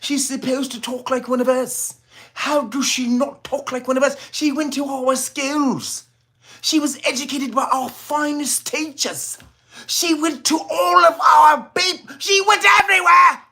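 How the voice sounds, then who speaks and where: A man's voice: steady tone, unhurried, bright, forceful tone, heavily acted. A man putting on a prim, uptight, over-proper voice to mock people who expect refined speech, with exaggerated, fussy enunciation. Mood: shrill indignant. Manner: exaggerated prissy enunciation, rising to shrill indignation.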